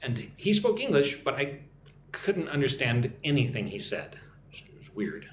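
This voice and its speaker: Lively American man teaching English in an echoey room. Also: medium pitch, a little hiss or hum. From Texas, United States. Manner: chatty, repeats phrases slowly for learners. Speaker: English teacher hosting a live stream. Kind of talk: live-stream English lesson reading chat comments. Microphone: phone or computer mic for live stream.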